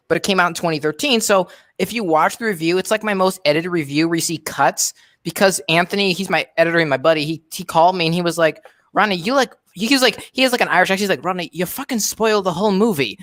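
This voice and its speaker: A man on a livestream telling a story in an animated way. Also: high voice, fast, hardly any pauses. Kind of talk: casual livestream chat.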